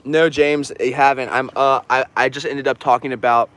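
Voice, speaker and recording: A man's voice: medium pitch, steady tone, normal speed, a bit bright. A man telling stories casually on a livestream, rambling with lots of fillers and frequent laughs. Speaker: artist streaming an auction.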